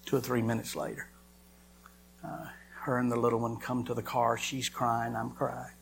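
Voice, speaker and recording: Preacher, dramatic hushed-to-loud testimony. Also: male voice, mid-range voice, completely flat delivery, normal speed, vocal fry, a little hiss or hum. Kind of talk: emotional sermon testimony.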